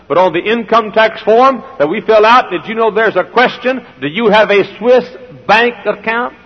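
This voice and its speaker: Male pastor, folksy sermon, loud then hushed, high husky voice, long hall reverb. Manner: folksy, rhetorical questions, swings between loud and hushed. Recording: dull old sermon recording in a large hall.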